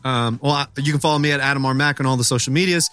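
Podcast host guy, bright voice, loose jokey chat with some swearing, faint music under. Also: medium pitch, fairly even intonation, very fast. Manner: loose, laughing, swearing banter.

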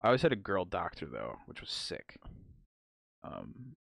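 A man's voice: sits low, huge pitch swings, moderate pace, creaky, a bit bright. A young man co-hosting a podcast, chatting crudely and rambling, full of fillers and laughter. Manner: rambling, giggly, lots of fillers. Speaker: podcast co-host. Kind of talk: crude comedic chat.

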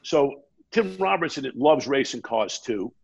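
Gravelly-voiced man telling a story. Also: mid-range voice, a little slow, muffled recording. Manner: animated anecdote-telling, acts out quoted dialogue. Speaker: interview guest. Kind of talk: casual storytelling.

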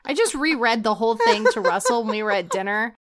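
A woman co-hosting a podcast, telling a story in an animated, laughing, breathless way. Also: on the high side, fast talker, a little hiss or hum. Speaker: podcast co-host. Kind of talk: casual chat, telling a story.

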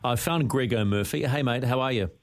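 A man's voice: medium pitch, fairly quick. A man hosting a sports radio show, chatty and often repeating words as he builds up his questions. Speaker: radio host. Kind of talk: casual radio sports chat.

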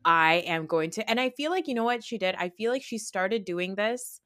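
A woman's voice: a little high, brisk. A woman hosting a podcast in casual chat, recapping a reality show, laughing often and mimicking the cast members. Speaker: podcast host.

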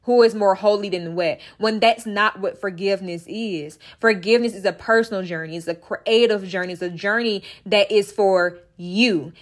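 A woman's voice: mid-range voice, moderate pace, hardly any pauses. Emphatic woman hosting a podcast. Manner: emphatic, repetitive, candid with swearing. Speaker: podcast host. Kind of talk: casual solo podcast monologue.

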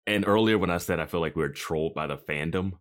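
A man's voice: deep voice, quick pace, fairly bright tone. A man co-hosting a podcast, chatting casually and thinking aloud as he talks. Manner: conversational, thinks aloud with restarts. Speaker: podcast co-host. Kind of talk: casual chat.

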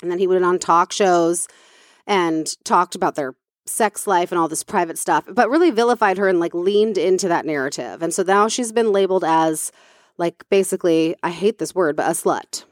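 A woman's voice: lowish voice, moderate pace, dry recording, studio quality. A woman co-hosting a casual chat, talking freely with many fillers and restarts.

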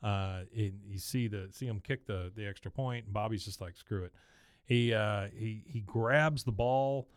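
A man's voice: on the low side, normal speed, few pauses, clear, resonant tone, no echo, clean studio sound. A man hosting a podcast, casually recapping a show and telling the story in a chatty way. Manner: chatty, storytelling, acts out voices. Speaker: podcast host. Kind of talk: casual episode recap with acted voices.

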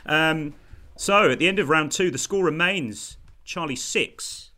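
A man's voice: fairly high pitch, a little slow, pushed and bright. A man hosts a podcast quiz over a video call, upbeat and wry, laughing between rules and scores. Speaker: quiz host.

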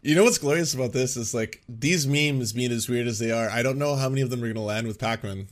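An animated Canadian man hosts a live stream and comments loosely on clips. He speaks with a Canadian accent at a medium pitch, with frequent asides. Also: music in the background. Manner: animated, swearing, quick asides with laughs. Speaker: streamer host.

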